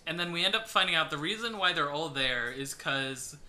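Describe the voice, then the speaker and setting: A man's voice: a little high, lively intonation, a little fast, pushed and bright. A man co-hosting a podcast, casually recapping a movie, swearing, laughing and acting out the characters' lines. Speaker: podcast co-host.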